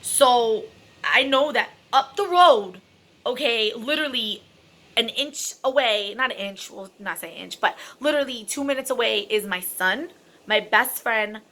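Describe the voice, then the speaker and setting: A chatty woman recounting a story to her viewers, loose and dramatic with plenty of fillers. Her voice sits a little high and sounds bright and forward. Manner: chatty and dramatic, many fillers, self-described extra. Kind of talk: casual storytime vlog.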